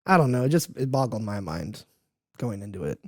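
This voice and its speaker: A young man co-hosting a casual podcast chat, telling stories with lively, acted-out reactions. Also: a little fast, no echo, clean studio sound. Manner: animated storyteller, acts out his own reactions with high squeals. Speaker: podcast co-host.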